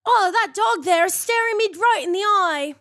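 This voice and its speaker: A frantic young colonial girl, played with a high, piping voice by a woman hamming it up. She pleads in an overwrought, put-on folksy accent, and the sound is close and dry. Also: normal speed, a little mellow, dry recording. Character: shrill young colonial girl accusing a dog.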